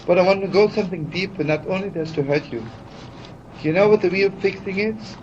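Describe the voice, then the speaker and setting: Speaking fairly quickly in a voice a little high for a man, a rabbi delivers a heartfelt, chatty storytelling sermon, often turning to listeners with "you know." The recording is dull and archival, with a faint hiss underneath.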